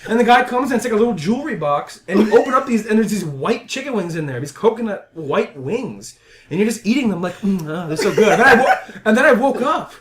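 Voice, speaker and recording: A man's voice: high voice, animated, fast talker, a bit bright. A man hosting a casual video game podcast, telling a long story animatedly and acting out the voices of the people in it. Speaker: podcast host. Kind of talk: casual chat.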